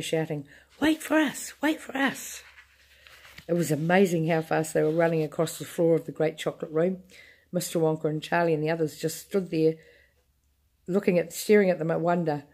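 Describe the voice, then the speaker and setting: A woman reads a children's chapter book aloud to a child, unhurried and expressive. Her voice sits very low for a woman. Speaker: storyteller reading to a child.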